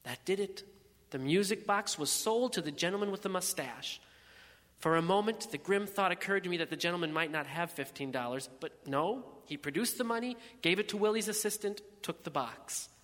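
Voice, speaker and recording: A man reading a first-person story aloud in a measured, reflective manner. His voice is fairly high and bright, with a long reverb trailing behind. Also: lively intonation. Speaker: narrator.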